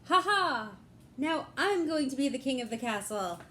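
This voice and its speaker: A woman's voice: very high voice, steady tone, measured pace, reverberant, slight background noise, voice pushed up. A woman voicing a sly female crocodile villain who pretends to be a damsel. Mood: gloating.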